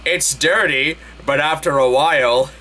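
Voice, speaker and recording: A man voicing a male wizard professor who speaks calmly, softly and low, drawing out his words. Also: measured pace. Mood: sultry. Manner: calm, soft, low and drawn out.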